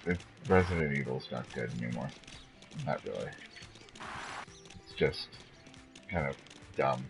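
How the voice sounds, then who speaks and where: A man streaming a video game live, chatting loosely with viewers and breaking into sudden excited outbursts and odd noises. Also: a bass voice, measured pace, gravelly, music in the background. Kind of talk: casual live-stream chatter while playing.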